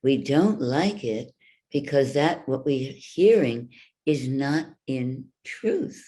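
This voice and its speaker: A woman voice coach giving a workshop talk, speaking deliberately and guiding the listeners through exercises with demonstrations. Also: a bass voice, animated, warm tone. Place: virtual workshop from home.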